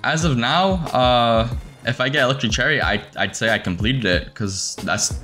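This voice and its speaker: A young man giving casual commentary over his game, excitable and swearing, breaking into shrieks when he finds something. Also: medium pitch, moderate pace, faint music behind. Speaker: gaming streamer.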